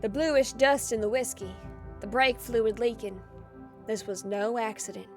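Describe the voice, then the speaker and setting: A woman voicing a grim, focused detective with a put-on Southern US accent, low and quiet. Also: a little slow, soft background music, natural voice.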